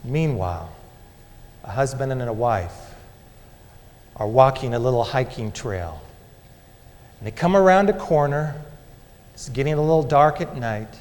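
A man preaching a sermon as a dramatic story, moving between loud and hushed delivery. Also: medium pitch, lively intonation, measured pace, long pauses. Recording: long hall reverb.

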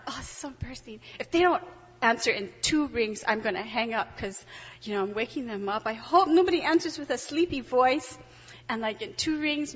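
A middle-aged woman telling a personal story to an audience, animated and excitable, laughing often. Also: high voice, slightly rough. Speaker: testimony speaker. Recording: dull, reverberant hall recording.

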